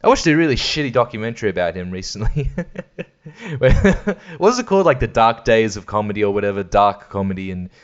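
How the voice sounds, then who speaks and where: A man's voice: on the low side, sing-song, brisk, smooth, dull audio. A man talks alone on his podcast. He rambles, swears a lot, laughs often and mimics voices. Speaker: podcast host. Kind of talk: casual solo chat.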